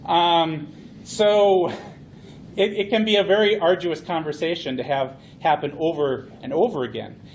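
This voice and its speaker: A man gives a playful, animated conference talk. His voice sits high for a man, and he tells his points like a story. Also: measured pace, slight background noise. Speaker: conference speaker.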